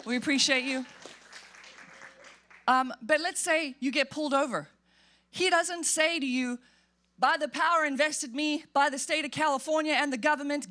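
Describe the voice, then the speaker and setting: Lady pastor preaching in church, high voice, gets loud and emphatic, acts out little quotes. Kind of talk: sermon.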